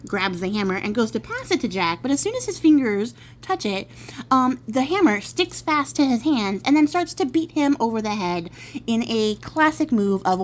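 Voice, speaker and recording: A woman's voice: a little high, big pitch swings, moderate pace, a little hiss or hum. A woman telling a folk tale in a casual, chatty way, with playful asides. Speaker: storyteller. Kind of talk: casual spoken storytelling.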